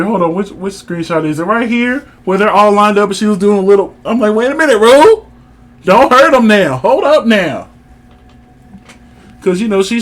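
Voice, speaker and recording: A man co-hosting a casual review chat, animated and teasing as he leads the talk. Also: high-pitched. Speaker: podcast co-host.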